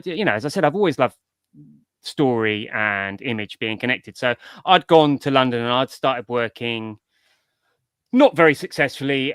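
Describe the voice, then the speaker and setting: Bright-voiced rambling male storyteller. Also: mid-range voice, clean tone, dry recording. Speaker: comics writer, interview guest. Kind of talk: casual interview chat.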